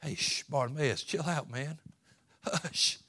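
A man mimicking bossy bystanders hushing. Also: on the high side, steady tone, moderate pace, creaky, voice pushed down, full character voice. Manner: hushed, scolding mutter.

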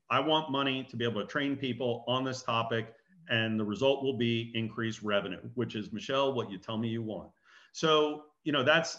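A man giving an animated business talk as a guest speaker, acting out dialogue and anecdotes. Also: mid-range voice, lo-fi sound.

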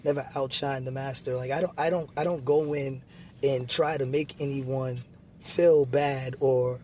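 A man's voice: medium pitch, fairly even intonation, a little slow, warm tone, slight background noise. A man talking as a guest in a casual conversation, earnest and patient, explaining things with lots of "you know.". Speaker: guest, basketball referee.

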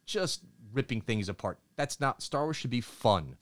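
A man with a low-pitched voice co-hosts a podcast in an eager, emphatic way, often restarting his sentences. His voice sounds dry and close, with no room sound around it. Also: very animated, moderate pace, a bit bright, no echo. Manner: enthusiastic, emphatic, with many restarts. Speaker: podcast co-host. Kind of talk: casual podcast chat.

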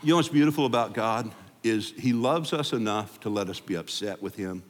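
A man pastor giving a freewheeling, conversational sermon to a congregation, then leading a quiet closing prayer. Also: fairly low pitch, brisk. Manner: freewheeling, conversational preaching that drops to a hushed prayer. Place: church sanctuary before a congregation. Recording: long hall reverb in a church sanctuary.

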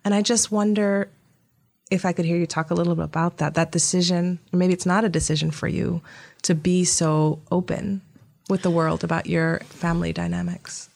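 Woman interviewer, lowish gravelly voice, measured questions. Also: flat delivery, a little mellow. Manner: measured, careful phrasing.

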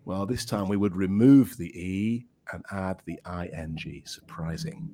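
A man co-hosting a podcast English lesson, reading example sentences aloud slowly and encouraging his co-host. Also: low voice, warm tone.

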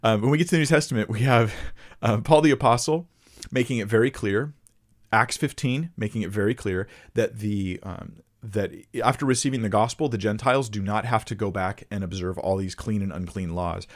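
A man's voice: on the low side, a little fast. A man answering viewer questions about the Bible, thinking aloud and reading scripture passages with emphasis. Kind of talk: casual teaching Q&A.

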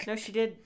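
A young woman co-hosting a casual chat show, teasing the host with quick wisecracks. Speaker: guest co-host.

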